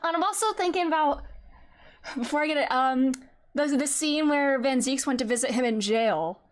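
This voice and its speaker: High-voiced excitable young woman streamer. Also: moderate pace. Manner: excitable, gasps and chatty, many fillers. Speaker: game streamer. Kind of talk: casual live-stream chat.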